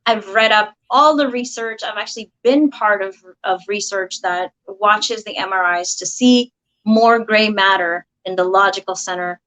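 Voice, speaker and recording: A woman practitioner of hypnosis and NLP, explaining her ideas at a steady pace as a guest on a video call. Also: medium pitch, poor audio. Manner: steady, explaining, slows to spell things out. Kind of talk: explanatory interview talk.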